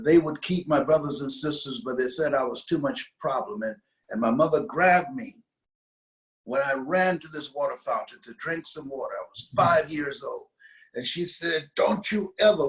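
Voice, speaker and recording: An older American man, interviewed as a guest, tells a motivational story and slows down to stress key phrases. His voice is on the high side and a bit bright, and the audio is poor.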